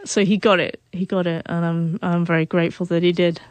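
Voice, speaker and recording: A woman's voice: lowish voice, little pitch movement, a little fast, no room sound. A woman in her forties, an author telling a personal story in an interview, who stutters on the first sounds of words. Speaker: author and guest.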